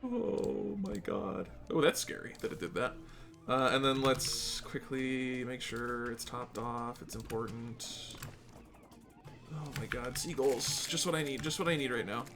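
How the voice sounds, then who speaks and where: A speedrunner giving live gameplay commentary, excitable and exasperated, talking to themself and the chat. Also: mid-range voice, a little slow, over music. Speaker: speedrunner streaming a game.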